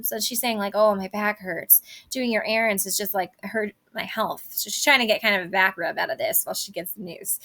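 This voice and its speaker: A woman's voice: mid-range voice, a little fast, hardly any pauses, bright, forceful tone. A woman teacher casually explaining a play scene in her own words, with many fillers.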